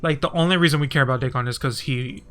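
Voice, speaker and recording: A man streaming casually, rambling and swearing, and getting heated and animated as he talks. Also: mid-range voice, fast. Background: faint music.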